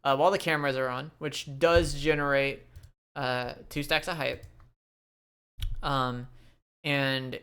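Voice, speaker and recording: A man narrating a tabletop session as game master, taking his time over every line. His voice carries a gravelly edge, yet it stays smooth and resonant underneath. He is laid-back and chuckles often. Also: medium pitch, fairly bright tone.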